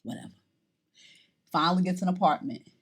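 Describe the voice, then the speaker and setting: A woman's voice: fairly low pitch, a little fast, husky. A middle-aged woman from New York telling her own story in a documentary interview, theatrical and acting out the voices of people in it. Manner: animated, theatrical, acts out voices. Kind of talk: personal storytelling to camera.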